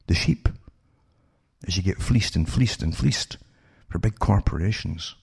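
A man's voice: low-pitched, a little slow, vocal fry, a little mellow, slightly rough. An older man commenting sardonically on news articles, throwing rhetorical questions at his listeners. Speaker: political commentator.

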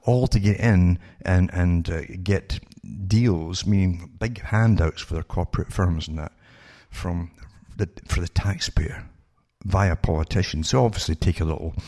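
In a monologue built around news articles, a political commentator reads and responds with sardonic rhetorical questions to listeners. His voice is low, gravelly, and somewhat dark in tone.

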